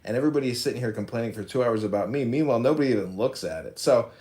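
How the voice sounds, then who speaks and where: A man's voice: mid-range voice, very fast, a little mellow. Brash ranting man in an echoey room. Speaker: political candidate hosting a social audio room. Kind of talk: combative livestream rant. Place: his office.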